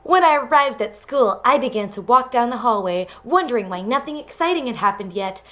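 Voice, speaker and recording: A young woman reads a story aloud for laughs. She keeps breaking off into giggly side comments. Her voice sits a little high. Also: animated, fairly quick, a bit bright. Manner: giggly, interrupts herself with asides. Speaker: reader and co-host. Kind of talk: comedic dramatic reading with commentary.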